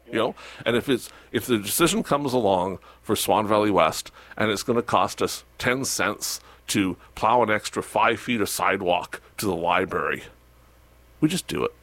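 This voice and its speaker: A man speaking as a local municipal official in a casual radio interview, animated, with sarcastic asides. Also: lowish voice, moderate pace, dry recording.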